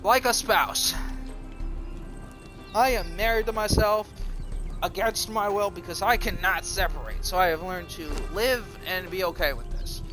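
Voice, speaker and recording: A man's voice: high-pitched, unhurried, pushed and bright, soft background music. A man streaming live, ranting in a profane, defiant and self-mocking way. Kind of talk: rambling livestream monologue.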